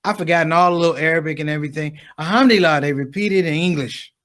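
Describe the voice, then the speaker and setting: Talking straight to the audience, this stand-up comic plays the characters in his stories with lively energy. His voice is a little high and his pace quick.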